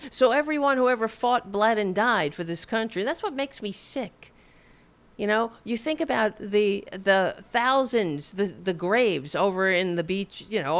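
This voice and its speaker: A woman's voice: medium pitch, fairly bright tone. A woman hosting a political podcast, ranting angrily with lots of swearing and repeated restarts. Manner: angry, profane, repetitive ranting. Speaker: podcast host. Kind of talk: political commentary rant.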